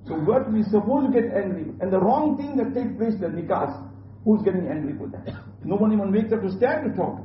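A man's voice: sits high, a little hiss or hum. A man giving an earnest religious sermon, repeating his points and mixing in Urdu religious terms. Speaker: preacher. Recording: distant, roomy, dull lo-fi recording.

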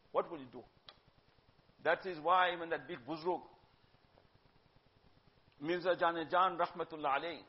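A man giving a religious talk, emphatic, swinging between loud urging and hushed asides and slipping in Urdu phrases. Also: high voice. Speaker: religious teacher. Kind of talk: sermon-style religious talk. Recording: dull lo-fi recording.

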